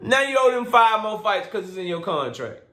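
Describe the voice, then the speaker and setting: A man's voice: high voice, sing-song, moderate pace, pushed and bright. A man hosting a boxing commentary vlog, speaking in a casual, blunt and profane rant that lectures his listeners. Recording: roomy echo.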